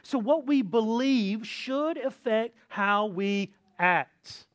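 High-voiced man preaching a conversational sermon. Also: expressive, takes it slowly. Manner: conversational preaching, frequent "right?" asides; acts out complaining voices with sighs. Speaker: pastor.

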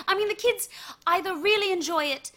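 High, bright, cheerful comedy co-host woman. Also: moderate pace. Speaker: comedy co-host, sketch performer. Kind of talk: improvised comedy banter.

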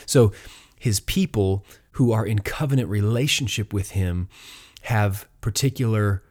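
A man with a lowish voice teaches doctrine in an earnest, explanatory way. He pauses on fillers and restarts as he works through an idea, then reads verses aloud. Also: darkish tone.

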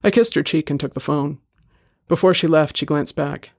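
A man reading a short story aloud in a steady, measured way. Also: on the high side, no echo, clean studio sound. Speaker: story reader. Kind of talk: scripted narration.

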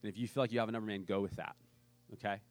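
A man's voice: on the low side, fairly even intonation, rapid-fire. A man preaching a sermon as pastor, telling a story in a casual way and acting out the people he quotes.

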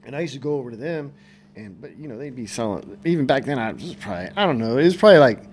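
A man from California and Virginia, a guest telling stories in a relaxed, rambling way. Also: mid-range voice, fast talker. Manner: relaxed, rambling, says "you know, like" a lot. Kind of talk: casual storytelling.

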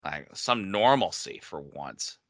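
A man's voice: sits low, animated, takes it slowly, dry recording, clean studio sound. A man co-hosting a casual chat, chatty and enthusiastic, laughing often. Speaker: podcast co-host.

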